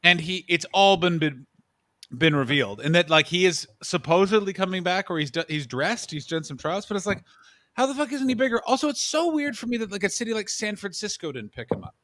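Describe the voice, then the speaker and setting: A man co-hosting a casual chat, animated and swearing freely, sometimes slipping into quoted voices. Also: high voice, a little fast, no echo. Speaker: podcast co-host.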